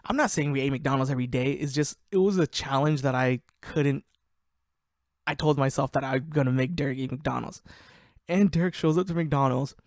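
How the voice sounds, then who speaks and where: A young man spins rowdy stories about his buddies, cursing and laughing as he goes. His voice sits at a middle pitch, and it is recorded close and dry with no room sound. The delivery feels like loose, unscripted podcast chat. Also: normal speed, no echo. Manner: profane, laughing, animated storyteller. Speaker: podcast host. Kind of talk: casual storytelling.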